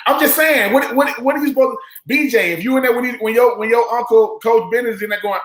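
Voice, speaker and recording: A man's voice: very high-pitched, animated, fast talker, a bit bright. A man hosting casual sports talk, rambling and acting out quotes in put-on voices. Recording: roomy echo.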